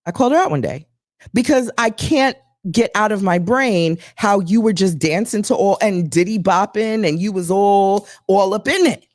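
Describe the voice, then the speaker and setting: A woman's voice: mid-range voice, moderate pace, dry recording, clean studio sound. A woman co-hosting a live chat show, telling stories bluntly and swearing often. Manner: animated, blunt storytelling with frequent profanity. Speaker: podcast co-host.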